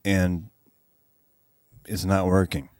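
A man's voice: low voice, level tone, slow, background noise. A male co-host making sarcastic, dry commentary in casual chat, swearing and trailing off mid-sentence.

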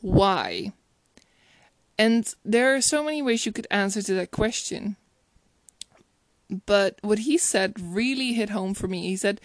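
A woman's voice: mid-range voice, a little slow, long pauses, dry recording. A woman talking casually about a romantic film, chatty and reflective, often laughing and restarting her sentences. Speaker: film reviewer. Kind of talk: casual spoken movie commentary.

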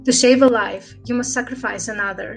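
Cold powerful male demon read by a woman, measured threats, somewhat high pitch, faint background music. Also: steady tone, creaky, low-quality recording.

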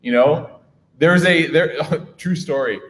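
Guy in his 30s giving a laid-back talk, kinda high voice, long echo from the hall. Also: takes it slowly. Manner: conversational, slangy, storytelling with quoted dialogue. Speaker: lecturer. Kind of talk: casual religious lecture. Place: lecture room with audience.

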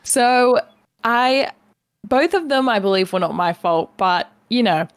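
A young woman co-hosts a casual podcast, chatting as she tells a story, acting out her own reactions, and laughing often. Her fairly high voice is animated but unhurried, and the tone is clean with no echo.

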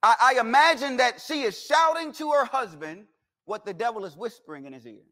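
Man, high voice, guest preacher, folksy humorous sermon, church service. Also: expressive, fairly quick, pushed and bright. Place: church sanctuary.

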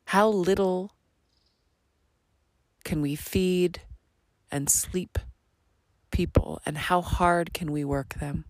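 Low, gravelly-voiced woman podcaster. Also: dry recording, clean studio sound. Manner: slow, earnest, soft, drifting into breathy half-whispers. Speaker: podcast host. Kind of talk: reflective podcast monologue.

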